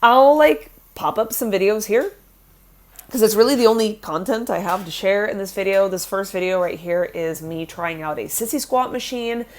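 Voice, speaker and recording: A woman in her forties talks through a casual fitness vlog, rambling from one point to the next and laughing at herself. Her voice sits at a middle pitch and sounds congested and stuffy from a lingering cold. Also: normal speed. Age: 40s. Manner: rambling, self-deprecating, laughs often. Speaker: fitness vlogger.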